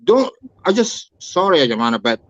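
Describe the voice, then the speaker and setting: A man's voice: on the high side, sing-song, moderate pace, dry recording, dull audio. A man calling in to a talk show, speaking in a heated, preachy, repetitive way. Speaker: caller. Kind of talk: impassioned call-in rant.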